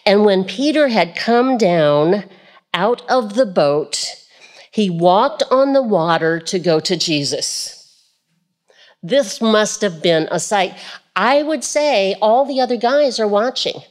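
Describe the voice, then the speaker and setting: A woman delivers a sermon at a slow pace, her medium-pitched voice full of lively intonation. She reads scripture aloud, repeats key phrases, and poses rhetorical questions to her listeners.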